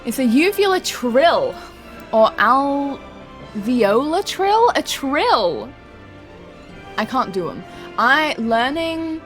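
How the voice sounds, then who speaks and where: A chatty young woman talks casually to her stream viewers in a slightly raised voice, breaking into laughter often and swearing without a second thought. Soft game music plays faintly under her. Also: fairly high pitch. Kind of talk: casual live-stream chat.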